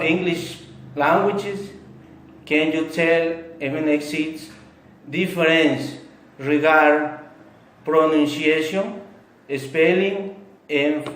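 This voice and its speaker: Echoey young man asking questions. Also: fairly high pitch. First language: Spanish. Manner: careful, slightly broken English. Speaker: student interviewer. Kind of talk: reading interview questions. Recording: echoey room.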